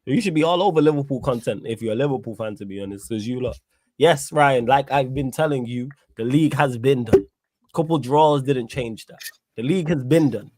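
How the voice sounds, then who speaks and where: A man's voice: mid-range voice, a little fast, a little mellow. A man hosting a live stream, chatting casually about football with street slang and a laid-back manner. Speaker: livestream host.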